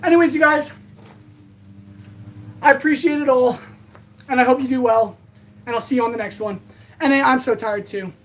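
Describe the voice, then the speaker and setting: A woman's voice: high voice, normal speed, long pauses. A woman hosting a livestream, chatting casually and thanking her viewers in a rambling, earnest way while tired and out of breath. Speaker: livestream host. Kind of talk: casual livestream sign-off chat.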